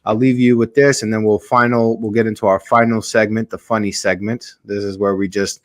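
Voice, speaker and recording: A man's voice: on the low side, little pitch movement, fairly quick, no room sound. A man hosting a podcast in casual chat, rambling with lots of hesitations and restarts. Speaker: podcast host.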